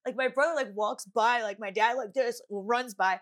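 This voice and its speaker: A woman's voice: a little high, normal speed. A young woman co-hosting a podcast, telling a story in a rambling, casual way, full of fillers and swearing. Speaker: podcast co-host. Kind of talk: casual chat.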